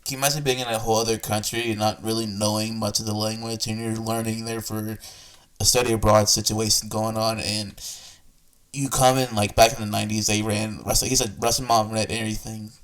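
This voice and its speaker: A man chats loosely as he reacts to a clip, circling back and restarting his thoughts. His voice sits on the low side. The mic picks him up from a little way off. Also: flat delivery, a little fast, far from the mic, rough recording. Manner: rambling, full of fillers and restarts. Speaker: reaction video host. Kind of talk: casual reaction commentary.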